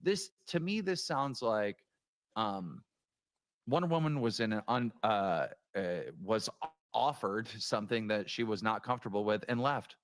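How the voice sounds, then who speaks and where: A man's voice: on the low side, lively intonation, a little slow. A man chatting casually on a commentary show, often hesitant and searching for words. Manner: hesitant, many fillers and restarts.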